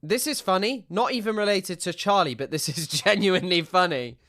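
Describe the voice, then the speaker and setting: A man's voice: high-pitched, normal speed, pushed and bright, no room sound, clean studio sound. A young man from Southwest England who streams, giving casual, joking, rambling commentary.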